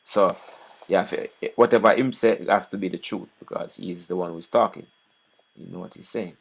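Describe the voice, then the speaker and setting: A man's voice: sits low, fairly quick, creaky, husky. Jamaican man mocking a news clip. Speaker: online commentator. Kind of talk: casual commentary on a news clip.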